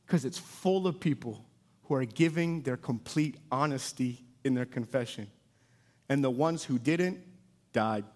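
A man in his thirties preaching a sermon, telling stories with big loud bursts that drop to soft, low emphasis. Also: measured pace. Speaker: pastor.

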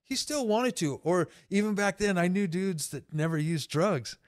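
A man in his fifties, a podcast guest spinning loose, profane stories in casual chat. His voice sits a bit high for a man, and the sound is close and dry. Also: lively intonation, normal speed, no room sound. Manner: profane, rambling storyteller.

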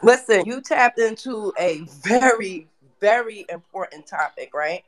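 A woman hosting a live audio chat, talking in an energetic, preachy way with lots of fillers. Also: mid-range voice, measured pace. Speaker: host.

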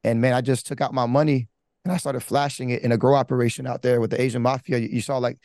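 A pastor shares his life story candidly, in a rambling, casual testimony full of slang, restarts and fillers. His medium-pitched voice is fast, a little mellow and fairly flat in pitch, recorded with clean studio sound and no room echo.

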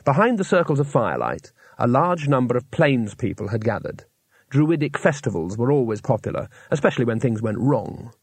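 A man narrating an audiobook with steady, dry storytelling, recorded close on a studio mic. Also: medium pitch, a little fast, breathy edge, no echo. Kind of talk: scripted narration.

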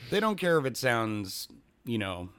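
Podcast host guy talking loosely, getting over being sick, laughs a lot, middle pitch. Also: very animated, unhurried, a bit bright, clean tone. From western United States. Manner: chatty, laughs often, rambling explanations. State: recovering from a cold, coughing. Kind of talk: casual chat.

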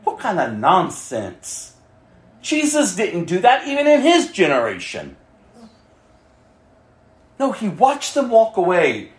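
Impassioned woman preacher, lively pitch. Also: takes it slowly, pauses often. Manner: impassioned, repeats phrases, voices quoted people. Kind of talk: sermon. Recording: echoey room.

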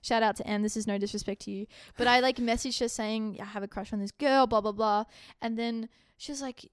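A woman's voice: on the high side, a little fast, clean tone, dry recording, clean studio sound. A young Australian woman co-hosting a podcast, telling a personal story in casual chat and acting out the dialogue as she goes. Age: young adult. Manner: animated, acts out quoted dialogue in the telling. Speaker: podcast co-host.

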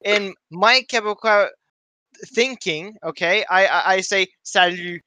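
A young man from Canada, co-hosting a podcast and telling a story in an excitable, casual way. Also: high-pitched, unhurried, dry recording. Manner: excitable storytelling with frequent swearing. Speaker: podcast co-host. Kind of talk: casual chat.

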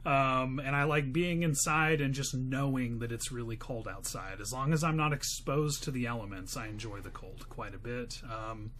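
A man's voice: mid-range voice, moderate pace, hardly any pauses, a bit bright, a little hiss or hum. A man co-hosting a podcast in casual chat, playful, teasing and wry. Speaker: podcast co-host.

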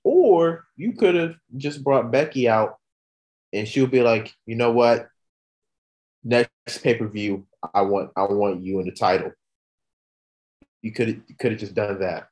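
A wrestling fan venting in a casual rant. The talk swings from high, excited outbursts to a low, frustrated grumble. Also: measured pace, pauses often.

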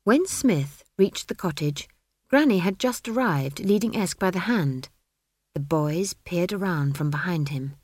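A woman narrating an audiobook, measured and dry in her storytelling. Her voice sits lowish, and the recording is close and dead, with no room sound. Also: expressive, a little mellow, dry recording.

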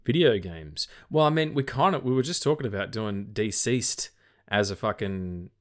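A fatigued Australian co-host of a film podcast chats informally, meandering, frequently backtracking, and cursing along the way. His voice is lowish and expressive, at a normal speed.

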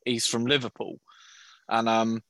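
A man's voice: mid-range voice, little pitch movement, unhurried, creaky, fairly bright tone, dry recording, rough recording. A man, a podcast guest, telling a story in casual chat and swearing freely.

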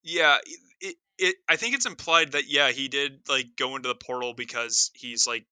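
A man's voice: medium pitch, moderate pace, bright, forceful tone, no echo. A man in casual chat about a movie, wry and joking, stumbling over his restarts.

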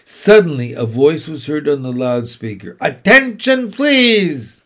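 A man reading a children's book aloud, narrating slowly and deliberately. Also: mid-range voice, darkish tone. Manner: slow, deliberate storytelling.

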